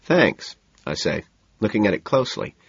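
A man narrating a novel in the first person in a cool, measured, understated way. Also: low voice, lively intonation, breathy edge, no room sound, lo-fi sound. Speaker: audiobook narrator.

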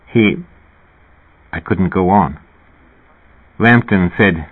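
A man reading a novel aloud in first person, in a measured, even delivery. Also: sits low, husky. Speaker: audiobook narrator. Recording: tinny phone-like audio.

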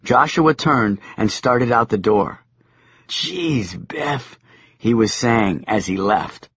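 A man narrates a comic novel in the first person, with a wry, deadpan edge and a lively, rolling pitch. His voice has a husky grain, recorded dry and close, with a slightly dull, lo-fi audiobook sound. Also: a little slow, no room sound.

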